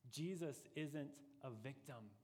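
A man preaching a sermon as pastor, earnest and deliberate, pressing his points with rising emphasis. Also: mid-range voice, darkish tone, husky, big-room sound.

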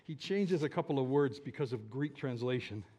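A man preaching a sermon in a church, animated and leading the congregation in shouting together. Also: medium pitch, moderate pace. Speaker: pastor.

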